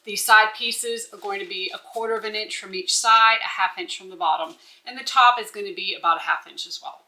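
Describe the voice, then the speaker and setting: A woman's voice: mid-range voice, a little fast, sharp tone, low-quality recording. A woman walking through a bag-making pattern step by step, instructive and checking in with the viewer as she goes. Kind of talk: step-by-step sewing tutorial.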